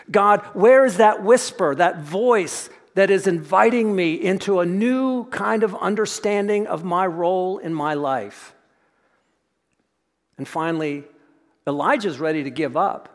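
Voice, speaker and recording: A man preaching a sermon as pastor in a church, reflective and often sinking into a soft hush. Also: sits high, moderate pace. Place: church sanctuary. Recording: long church reverb.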